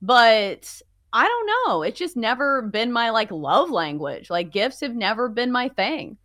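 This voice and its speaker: A young woman with a bright, fairly high voice that swings widely in pitch as she chats on a podcast. She speaks wryly and loosely, sprinkling "like" through every thought, with a dry, close sound. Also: very animated, a little slow, dry recording. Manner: chatty, heavy use of "like", wry. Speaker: sports betting podcast co-host. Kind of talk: casual chat.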